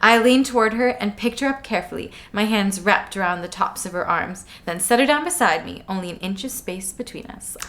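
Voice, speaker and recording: A woman's voice: mid-range voice, expressive, a little fast, hardly any pauses, a bit bright. A woman co-hosting a casual book club read-along, reading passages aloud with teasing commentary and frequent laughter. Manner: giggly, teasing, reads passages aloud in dramatic voices. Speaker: podcast co-host.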